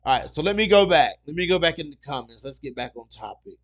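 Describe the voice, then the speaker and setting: Fast-talking and expressive, this man has a fairly high, bright voice, captured on a muffled recording. He hosts a casual podcast alone, telling stories, reading comments, and looping back to "you know what I'm saying" as he rambles.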